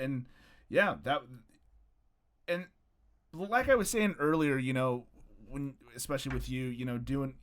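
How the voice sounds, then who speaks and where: A man hosting a podcast, chatting casually, joking and swearing with a friend. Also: medium pitch. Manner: joking, swearing, lively, trails off. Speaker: podcast host. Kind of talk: casual chat.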